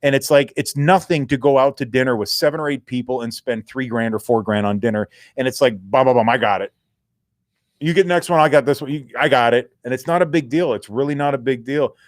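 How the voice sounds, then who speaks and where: A man, a co-host and former pro football player, telling animated, candid stories in casual sports talk and swearing now and then. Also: medium pitch, fast, few pauses, dry recording, clean studio sound.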